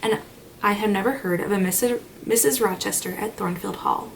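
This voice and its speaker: An older clergyman speaks in deep, low, measured tones, gentle but grave, as a woman narrator voices him. A gravelly texture runs through the voice. It is heard a little off-mic over faint noise. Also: recorded from a distance, lightly acted, poor audio.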